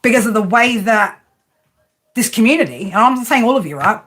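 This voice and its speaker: Soft music plays behind a tarot and spiritual reader ranting unscripted on her livestream. Her high, slightly bright voice moves fairly quickly with lively intonation, and she swears freely, stays combative, and keeps tossing out rhetorical questions ending in "right?".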